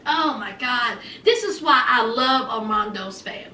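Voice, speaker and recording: A young woman recaps a reality show in a chatty, sassy way, high and bright in pitch. She keeps calling her listeners honey and child. Her voice rings in a roomy space, picked up from a little way off the mic. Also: expressive, normal speed, few pauses, a little hiss or hum. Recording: roomy echo, mic a bit distant.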